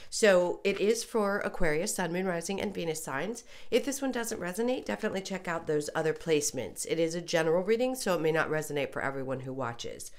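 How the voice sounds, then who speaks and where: A low-pitched woman gives a casual tarot reading, her voice stuffy and congested from a recent illness. She talks in a chatty, loose way, with little apologies and ums along the way. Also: expressive, brisk, few pauses. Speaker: tarot reader.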